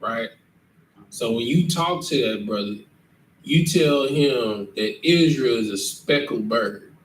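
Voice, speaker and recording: Slow and expressive, a man with a medium-pitched voice leads a scripture lesson, stressing his points and checking again and again that people understand. Faint noise and room echo come through a distant mic.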